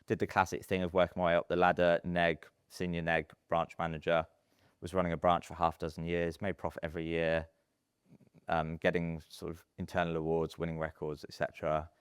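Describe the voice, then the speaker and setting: A man in his thirties, telling stories in a casual podcast interview, chatty and animated with plenty of fillers. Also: deep voice, fairly quick, clean tone, no echo, clean studio sound. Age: 30s. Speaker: podcast guest, estate agency businessman.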